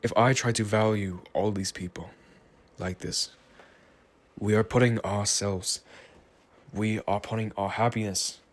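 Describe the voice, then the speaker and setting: A man with a fairly low voice drifts through a reflective solo monologue, rambling and unhurried. He sounds tired and muses aloud at a slow, thoughtful pace. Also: fairly even intonation. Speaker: vlogger.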